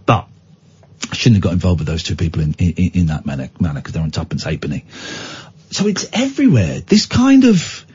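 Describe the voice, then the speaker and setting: A man's voice: deep voice, a little fast, husky. A British man hosting a radio show, telling stories in casual on-air chat, exclaiming and mimicking the people he quotes. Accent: British English. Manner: animated storytelling, imitating others, exclaiming. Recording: dull lo-fi radio sound.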